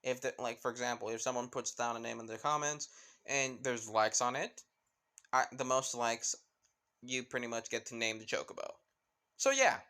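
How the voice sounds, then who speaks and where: A man's voice: medium pitch, moderate pace, pushed and bright. A young man casually narrating a fan story, rambling with lots of fillers.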